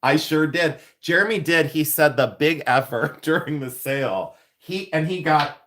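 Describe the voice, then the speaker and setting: Man, somewhat high voice, effusive, chatty, laughs a lot, casual livestream from a jewelry studio. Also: normal speed, hardly any pauses, a bit bright. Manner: effusive, chatty, laughs often, keeps thanking viewers. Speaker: silversmith livestream host. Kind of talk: casual livestream chat with viewers.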